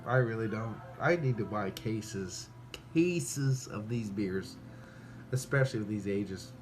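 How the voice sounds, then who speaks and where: A man tasting and reviewing beer in a casual vlog, excitable and rambling, swearing freely and a bit tipsy after several beers. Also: on the low side, slow. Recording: music playing clearly behind the voice.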